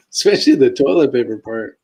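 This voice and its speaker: A man hosting a casual live stream, laid-back and quick to laugh, reading viewer comments aloud. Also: medium pitch, darkish tone, husky. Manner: calls his own voice a sleepy DJ voice. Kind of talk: casual chat.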